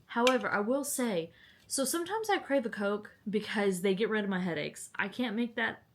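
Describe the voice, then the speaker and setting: With lively intonation and a moderate pace, a young woman's medium-pitched voice comes through with a little hiss or hum. She is a book vlogger at home, giggling and rambling as she chats to camera about books.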